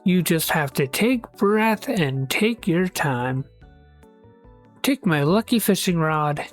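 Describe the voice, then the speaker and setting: A woman voicing a gentle, patient older male king from a cartoon, talking slowly and soothingly. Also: fairly low pitch, lively intonation, soft background music.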